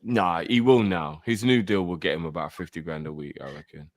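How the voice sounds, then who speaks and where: A man's voice: low-pitched, fairly quick, no echo, studio quality. A man co-hosting a fan channel, arguing about player wages in casual chat. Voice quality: argumentative, checking facts.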